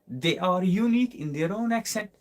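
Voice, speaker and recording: Indian guy, kashmiri, running a live english class, fairly high voice, keeps asking rhetorical questions. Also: expressive, normal speed. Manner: explanatory, repeats points with rhetorical questions. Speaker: English teacher.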